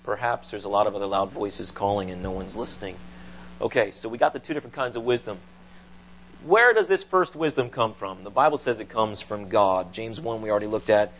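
Man preaching an animated sermon. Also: lowish voice, a little fast, muffled recording, slight background noise. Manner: animated storytelling, rising to loud acted quotes. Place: church.

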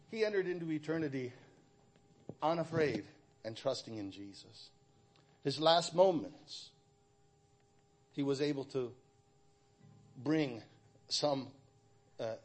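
A middle-aged man giving a personal church testimony, speaking haltingly with frequent restarts. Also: medium pitch, a little mellow, husky.

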